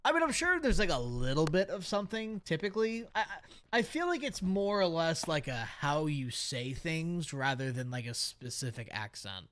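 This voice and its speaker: A man chatting casually while streaming a baseball video game, with a New York accent and a habit of swearing and reacting loudly to plays. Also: a little high, big pitch swings, moderate pace. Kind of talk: casual gaming stream chat.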